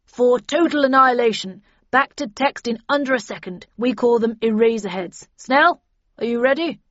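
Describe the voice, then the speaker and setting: A woman narrator puts on a stiff, by-the-book male agent who speaks with firm emphasis. The lines come out louder than the narration. The audio is dry and slightly dull. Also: on the high side, moderate pace, no room sound, voice pushed up, natural voice. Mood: matter-of-fact. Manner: stiff, rule-bound, emphatic.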